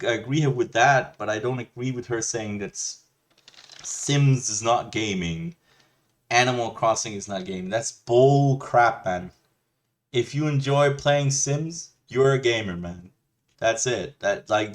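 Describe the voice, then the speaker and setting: A man's voice: medium pitch, a little slow. A man hosting a reaction video, ranting bluntly with lots of swearing and rambling restarts. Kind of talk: ranting commentary.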